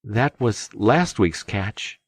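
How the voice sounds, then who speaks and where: A man's voice: fairly low pitch, lively intonation, unhurried, no room sound, clean studio sound, voice pushed up. Man doing meek muddled little farmer Penn. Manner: meek, soft, hesitant.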